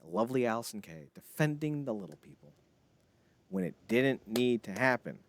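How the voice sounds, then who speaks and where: A man co-hosting a casual wrestling podcast, ranting in an animated, sarcastic way with frequent swearing. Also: mid-range voice, moderate pace, no room sound. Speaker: podcast co-host.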